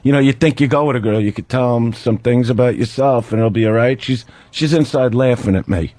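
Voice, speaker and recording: A man's voice: mid-range voice, brisk, no room sound. A man telling a comic story on a radio talk show, acting out both sides of a phone call and laughing as he goes. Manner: animated, acts out phone calls, laughs while telling. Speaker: guest comedian.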